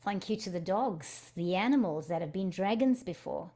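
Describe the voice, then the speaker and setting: A woman hosting a spiritual live stream on a video call, speaking softly and drifting between guided meditation and casual chat. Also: lowish voice, expressive, normal speed. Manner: soft-spoken, drifts into hushed chanting.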